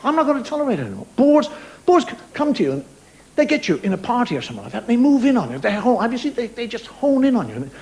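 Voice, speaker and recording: A man's voice: extremely high pitch, huge pitch swings, racing, a little mellow. A middle-aged man doing stand-up, ranting in exasperation about everyday annoyances, mimicking people and car horns. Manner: exasperated ranting with mimicked voices and sound effects. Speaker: stand-up comedian. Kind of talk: stand-up routine before a live audience. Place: television studio stage. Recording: live show audio with audience noise.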